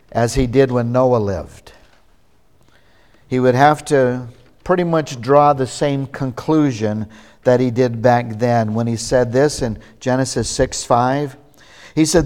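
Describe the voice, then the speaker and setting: A man delivering a sermon at an unhurried, measured pace. His voice sits in an ordinary middle pitch, and he leans on pauses to stress key words. It sounds like a pastor preaching to his congregation. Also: darkish tone. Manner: slow, deliberate preaching with emphatic pauses.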